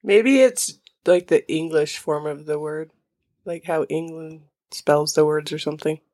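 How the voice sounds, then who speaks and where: A woman with a slightly low voice chats loosely during a word-guessing game. She thinks out loud, tosses out guesses and laughs at herself. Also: a little slow. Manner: chatty, laughing, thinks aloud while guessing. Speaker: quiz player. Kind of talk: casual chat.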